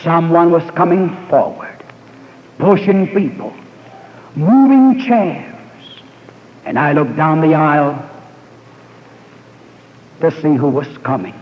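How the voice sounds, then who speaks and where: A middle-aged evangelist man preaches his testimony in a fervent, dramatic way, his fairly high voice rising and falling around long pauses. The sound is a dull, muffled archival recording with a long echo from a large hall. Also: lively intonation, slight background noise. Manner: fervent, dramatic pauses, swelling and dropping delivery. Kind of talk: sermon testimony.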